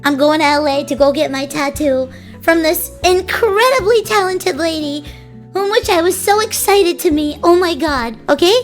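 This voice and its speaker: A woman streamer tells a story in a casual, animated way, rambling and cutting herself off as she goes. Her voice sits very high. Light music plays faintly in the background. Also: moderate pace. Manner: animated, rambling, self-interrupting.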